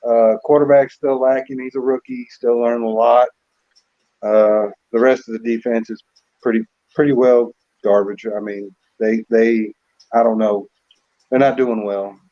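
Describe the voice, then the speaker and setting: A man co-hosting a casual sports picks chat, relaxed and repeating words as he thinks. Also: medium pitch, moderate pace. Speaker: co-host. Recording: slightly dull lo-fi audio.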